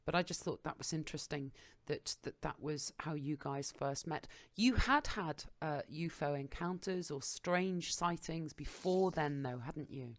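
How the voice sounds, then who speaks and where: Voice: mid-range voice, unhurried, a bit bright, no echo. A radio interviewer asking chatty, enthusiastic questions, often restarting sentences. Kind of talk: conversational interview.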